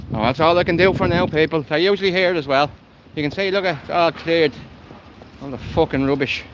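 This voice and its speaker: A man's voice: on the high side, moderate pace, a little hiss or hum, low-quality recording. Blunt, swearing Irish man outdoors. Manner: blunt, profane, heated. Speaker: livestreamer. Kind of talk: live walking vlog. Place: outdoors by a canal, walking a dog.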